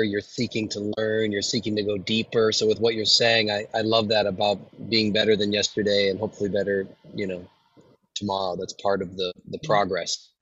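A man's voice: lowish voice, no room sound. A male podcast host talks through a video call in a rambling, restart-filled way. The sound is dry and a little dull. He sounds at ease in casual chat. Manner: warm-hearted, rambling with many restarts and fillers.

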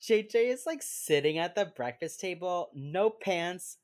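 Low-voiced chatty young woman. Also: lively intonation, unhurried, darkish tone. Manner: chatty, lots of fillers, acts out quotes with laughs. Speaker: podcast co-host recapping a TV episode. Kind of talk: casual chat.

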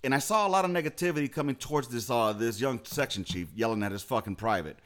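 A man's voice: medium pitch, quick pace, fairly bright tone. Blunt, foul-mouthed man on a podcast. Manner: blunt, profane, emphatic. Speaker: podcast co-host. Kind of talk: casual profane chat.

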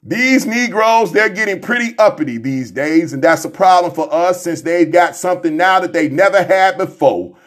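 A man's voice: fairly high pitch, normal speed, hardly any pauses. A man hosting a radio show, reading a text aloud and commenting on it in a preachy way, repeating lines and calling out to his listeners. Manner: repeats lines, calls out to listeners with "y'all", "family" and "brothers and sisters".

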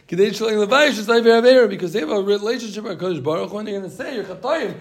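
A man's voice: high voice, very fast. A man teaching a casual Talmud class, mixing English with Hebrew and Yiddish terms and repeating himself as he works through the text.

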